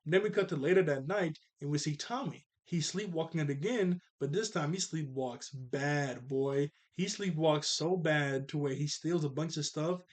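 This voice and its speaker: A man's voice: a little high, normal speed, hardly any pauses. A young man casually recapping a cartoon episode, laid-back and slangy, with chuckling asides.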